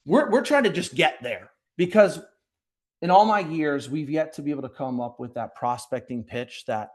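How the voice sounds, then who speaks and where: A man being interviewed on a podcast, speaking directly and energetically, often acting out quick bits of sales dialogue. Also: fairly high pitch, animated. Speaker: podcast guest, sales leader. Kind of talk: conversational interview.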